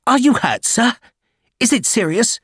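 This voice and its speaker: A man's voice: very high-pitched, big pitch swings, a little slow, a bit bright, slightly rough, no room sound, clean studio sound, voice pushed up, exaggerated voice. A man voicing an eager, anxious young male lieutenant in an audiobook, talking with fretful urgency.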